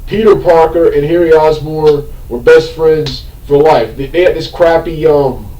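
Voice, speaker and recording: A man's voice: fairly high pitch, measured pace, warm tone, recorded from a distance. Rambling, exasperated man in an echoey room. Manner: rambling and repetitive, loses his train of thought, many filler ums; exasperated outbursts. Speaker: movie reviewer. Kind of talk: unscripted movie review rant. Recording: echoey room, voice set back from the mic.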